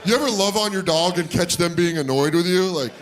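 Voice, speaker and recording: A middle-aged man doing a stand-up comedy routine, loud and animated, breaking into shouted put-on voices. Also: high voice, fairly quick. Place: comedy club stage before a laughing audience. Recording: live club recording with crowd noise.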